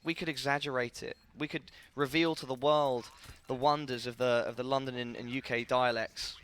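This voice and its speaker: A man doing playful, excitable live commentary on a team shooter match, joking with his co-caster. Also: mid-range voice, moderate pace, smooth. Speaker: esports caster.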